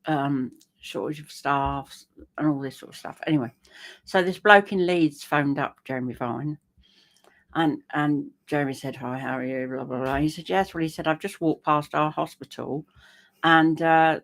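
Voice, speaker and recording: An older woman, chatting casually with her daughter on a live stream and telling homely stories. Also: deep voice. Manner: homely, storytelling. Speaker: co-host, the host's mother. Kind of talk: casual chat.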